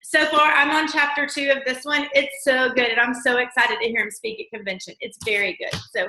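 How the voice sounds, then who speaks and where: A woman hosting a casual live video chat, bubbly and rambling with quick laughs. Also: high-pitched, level tone, bright, forceful tone, reverberant, a little hiss or hum. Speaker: host.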